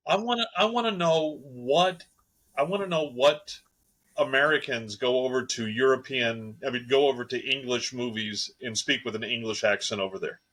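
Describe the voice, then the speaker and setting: A man's voice: medium pitch, normal speed, fairly bright tone, poor audio. A man co-hosting a casual podcast, telling anecdotes and acting out the back-and-forth. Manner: storytelling, acts out quoted exchanges. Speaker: podcast co-host. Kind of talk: casual chat.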